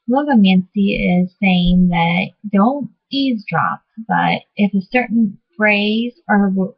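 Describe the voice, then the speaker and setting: A woman with a breathy, slightly husky voice talks her viewers through a topic in a loose, meandering vlog style. She keeps stopping to rephrase and fill gaps with little asides. The sound is muffled and lo-fi, like an older home video. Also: mid-range voice. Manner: rambling, many fillers and self-corrections. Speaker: vlogger teaching divination. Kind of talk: casual explanatory talk to camera.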